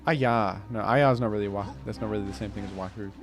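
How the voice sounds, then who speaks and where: A man's voice: on the low side, steady tone, racing, music in the background. A young man streaming a game, reading chat with dry, joking banter. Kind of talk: casual gameplay commentary.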